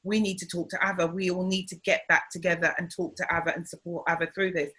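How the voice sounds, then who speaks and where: A middle-aged woman, an interview guest and comedian, telling family stories in a casual, animated way and acting out the voices of the people she quotes. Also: on the low side, fast, breathy edge, rough recording.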